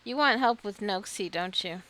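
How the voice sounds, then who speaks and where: A woman's voice: medium pitch, moderate pace, bright, forceful tone, close to an everyday voice. A woman reading aloud as a cheerful, motherly female hobbit innkeeper in a video game, with gushing welcomes. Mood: reassuring.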